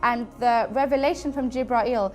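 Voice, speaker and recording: A woman narrating religious history for a documentary, gentle and earnest. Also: a little high, normal speed. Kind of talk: documentary storytelling. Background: faint background music.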